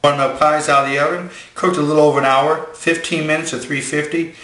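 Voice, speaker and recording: A man's voice: on the high side, level tone, fast talker, bright, forceful tone, roomy sound, poor audio. A man hosting a home cooking demonstration in his kitchen, talking in a folksy, down-home way as he walks through a recipe. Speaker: chef, cooking show host.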